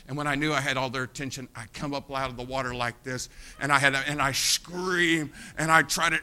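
A man from the United States preaching a sermon, telling an animated personal anecdote and addressing the congregation directly. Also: mid-range voice. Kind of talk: sermon storytelling.

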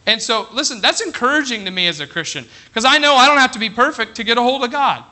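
Middle-aged preacher, man, lively sermon delivery, very bright tone. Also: very high voice, fast talker. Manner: animated preaching with frequent "all right?" check-ins. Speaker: pastor.

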